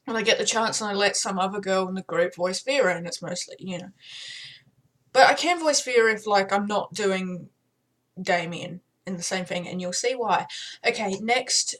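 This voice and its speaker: A woman's voice: mid-range voice, normal speed, a bit bright. A woman talking casually to camera in a chatty, self-deprecating way, laughing between thoughts. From not American. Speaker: gamer showing off voices.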